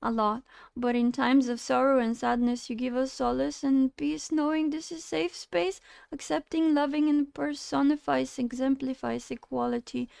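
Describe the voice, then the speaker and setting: A woman's voice: high-pitched, level tone, moderate pace, creaky, a little mellow, clear, resonant tone, no room sound, clean studio sound. A woman streaming live, chatting casually and animatedly with her chat, often getting indignant and laughing.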